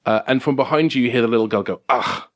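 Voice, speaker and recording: At a game café, a man with a medium-pitched voice acts as game master for a tabletop game, stopping and starting again as he describes the scenes.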